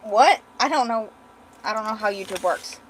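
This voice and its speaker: A woman's voice: medium pitch, moderate pace, a little hiss or hum. A young woman chatting casually as she draws on a livestream, swearing freely. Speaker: art streamer. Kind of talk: casual livestream chat while drawing.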